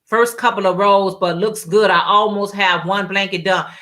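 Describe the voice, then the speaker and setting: A woman's voice: mid-range voice, steady tone, normal speed, a bit bright. A woman hosting a casual craft livestream, chatting and reading out viewer comments with frequent laughs and repeated phrases. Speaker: livestream host.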